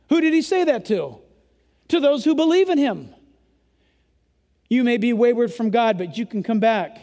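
A male pastor delivers an emphatic sermon in a very high voice, sometimes raising it to a yell. His words ring out with the long reverb of a large church sanctuary during a service. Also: animated, normal speed. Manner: emphatic preaching, yelling at times.

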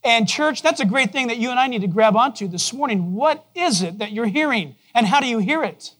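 A man preaching a sermon to his congregation in a conversational way, asking them questions and dropping to a soft, low voice for gentle moments. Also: animated, a little fast. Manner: drops to a soft, low voice to quote God gently. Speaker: pastor. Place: church.

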